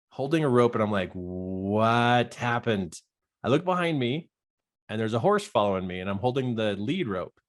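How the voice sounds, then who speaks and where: A middle-aged man, a life coach, telling a personal story in a coaching talk and acting out the dialogue with big jumps in his voice. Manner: animated storyteller, acts out quoted dialogue with big pitch jumps.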